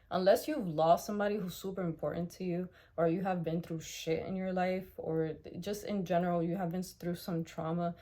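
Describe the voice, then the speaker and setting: Candid, mellow-voiced young woman vlogger. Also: fairly low pitch. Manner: raw, heartfelt, swears freely, rambling restarts. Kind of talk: candid personal vlog talk.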